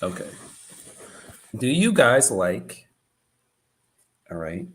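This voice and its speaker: In a casual trading livestream, a man speaks extremely slowly in a medium-pitched, fairly bright and slightly rough voice with big pitch swings. He rambles loosely and says things over and over.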